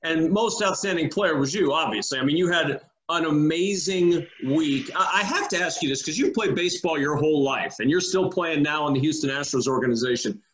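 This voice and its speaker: Man, sports host, high-pitched, polished questions, echoey room. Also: fairly quick, hardly any pauses, a bit bright. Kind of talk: hosted sports interview.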